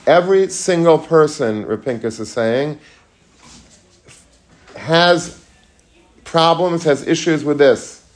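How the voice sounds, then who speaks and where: Speaking slowly and pausing often, a rabbi with a voice on the high side gives his students an informal Torah lecture in a room with a live audience. He's conversational and chatty, asks the room many questions, and mixes Hebrew and Yiddish terms into his talk.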